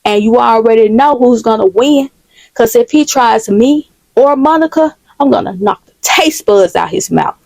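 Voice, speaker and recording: A woman's voice: on the high side, expressive, moderate pace, gravelly, a little mellow, dry recording. A woman voicing a boisterous, trash-talking male best friend. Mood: hyped.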